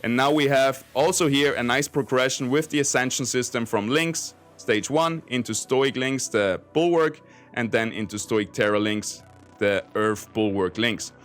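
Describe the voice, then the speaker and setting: A man's voice: medium pitch, unhurried, fairly bright tone, faint music behind. Chatty man walking through a game guide. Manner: chatty, explains step by step with 'basically' and 'let's say'. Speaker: game guide creator and streamer. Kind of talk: casual tutorial walkthrough.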